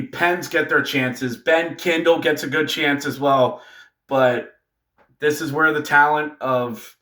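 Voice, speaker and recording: A man hosting a casual hockey recap video, animated and joking, talking straight to fellow fans. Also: mid-range voice. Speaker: hockey fan video host. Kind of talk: casual game recap commentary.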